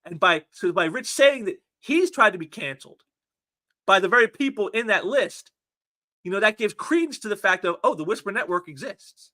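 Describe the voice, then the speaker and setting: High, lively voiced sarcastic male commentator. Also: normal speed. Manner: sarcastic, repeats words, mocks opponents. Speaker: commentary channel host. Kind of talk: casual commentary reading online posts.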